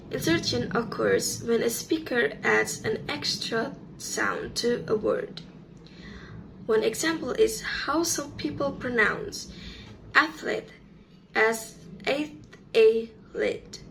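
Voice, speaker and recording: Slow, gravelly-voiced woman presenting. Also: a little high, a bit bright, slight background noise, rough recording. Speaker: student presenter. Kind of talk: reading a class presentation.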